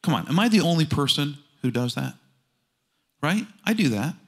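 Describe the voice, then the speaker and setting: Male pastor, sermon, animated storytelling, rhetorical questions, lively pitch, bright ringing voice. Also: normal speed, breathy edge.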